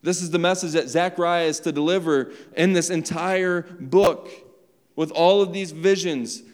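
A man's voice: a little high, moderate pace. A young man preaching a sermon to his church in a loose, conversational way, tossing in "right?" and "like" as he goes. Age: young adult. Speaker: pastor. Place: church sanctuary. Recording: long reverb of a large hall.

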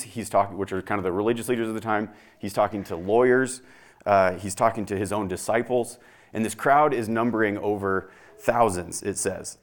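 A young man delivers a sermon in a relaxed, conversational way. His voice sits somewhat low, and he reads scripture aloud, then explains it plainly to the congregation. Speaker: pastor.

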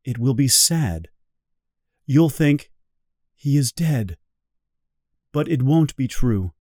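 A man reading the part of a gentle, sad little boy prince in a storybook, in a soft and wistful way. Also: medium pitch, lively intonation, takes it slowly, dry recording, studio quality.

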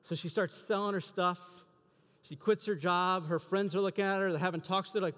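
A man's voice: fairly even intonation, brisk, a bit bright. A man preaching a sermon as a story, acting out the quoted lines with a lifted voice and more volume. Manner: acts out quoted dialogue, rising in pitch and volume. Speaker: pastor. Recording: reverberant hall.

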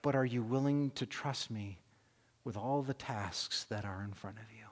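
A man putting on a hushed, fatherly divine voice. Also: on the low side, big-room sound, pitched below the performer's own voice. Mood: tender. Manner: hushed, tender, slow. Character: the Lord, a calm, gentle fatherly male voice.

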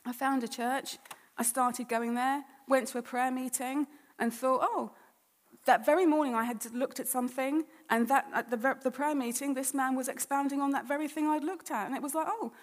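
A woman's voice: sits high, fairly even intonation, brisk, big-room sound. A woman giving a personal testimony at church, telling her story conversationally and acting out her own past thoughts and words.

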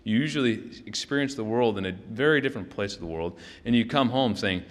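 A man's voice: medium pitch, a little fast. Conversational male pastor in a reverberant hall. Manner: conversational, often checks in with "right?"; loose, with frequent restarts and fillers. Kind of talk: sermon. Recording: long reverb of a large hall.

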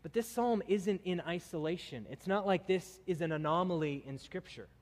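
Male preacher, slightly high voice, emphatic delivery, long hall reverb. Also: normal speed. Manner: emphatic, building in intensity through lists. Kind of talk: sermon.

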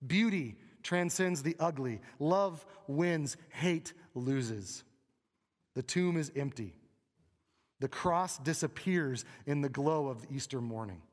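A man's voice: fairly high pitch, lively intonation, slow. A man preaching an Easter sermon in a conversational, emphatic way, often asking the congregation questions. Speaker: pastor. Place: church sanctuary. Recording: long reverb of a large hall.

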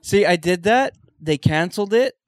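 A man's voice: sits high, expressive, normal speed, dry recording, studio quality. A man chatting casually, telling an anecdote and making wry, joking asides. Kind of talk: casual chat.

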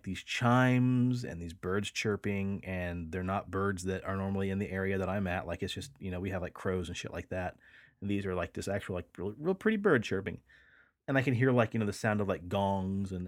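A man's voice: lowish voice, dry recording, clean studio sound. A man hosting a podcast, telling a story in a casual, rambling way, with lots of fillers and the odd swear word. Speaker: podcast host.

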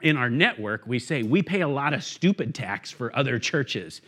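A man's voice: mid-range voice, moderate pace. A man preaching a sermon as a guest speaker, telling a story with acted-out voices and then moving into his message. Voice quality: bald. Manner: animated storyteller, acts out shouts. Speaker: guest preacher, church network director.

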